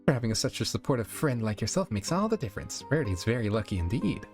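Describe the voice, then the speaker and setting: A man's voice: mid-range voice, sing-song, quick pace, darkish tone, soft background music. A man voicing a gracious adult mare hostess, speaking in a genteel, coy way.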